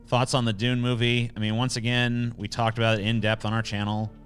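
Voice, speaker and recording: A man's voice: mid-range voice, level tone, a little fast, a bit bright, soft background music. A man hosting a casual livestream, reading chat questions aloud and answering in a blunt, sarcastic, profane way.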